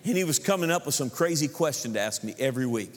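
A man's voice: mid-range voice, lively intonation, fast. A man preaching a sermon as pastor, telling stories animatedly and acting out the people he quotes. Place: church sanctuary. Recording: long reverb of a church hall.

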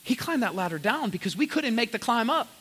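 Bright, high-voiced young male pastor. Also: breathy edge, poor audio. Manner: energetic storytelling with quick voiced asides. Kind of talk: sermon.

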